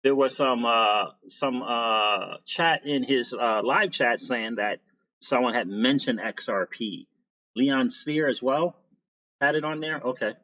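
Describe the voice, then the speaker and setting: A man's voice: medium pitch, sharp tone, muffled recording. A man hosting a casual crypto livestream, reading out viewer names and greeting them, laughing often.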